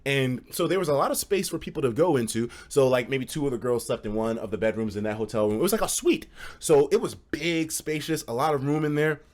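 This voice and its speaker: A man's voice: mid-range voice, brisk, darkish tone. A man streamer telling a casual story on a livestream, swearing freely, laughing mid-sentence and acting out his friends' lines.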